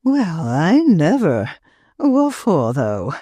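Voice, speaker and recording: A woman's voice: low-pitched, huge pitch swings, drawn-out words, warm tone, slightly rough, no room sound, exaggerated voice. A woman voicing a crude, boozy middle-aged man who blusters in slang. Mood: blustering.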